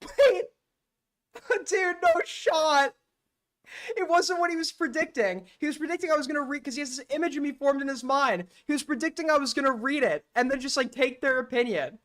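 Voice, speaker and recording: A man's voice: extremely high pitch, fast talker, few pauses, a bit bright. A man commenting on clips on his stream, blunt and mocking, with frequent swearing.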